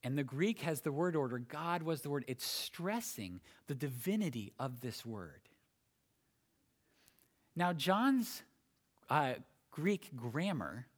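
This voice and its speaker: Taking a passage phrase by phrase, a man delivers a sermon in a medium pitch. His speech has small restarts and emphatic pauses.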